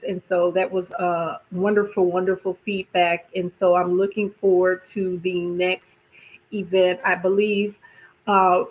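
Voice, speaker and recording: A woman hosting a casual wellness talk, chatty and expressive, often repeating herself and asking "right?". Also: medium pitch, poor audio. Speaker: podcast host.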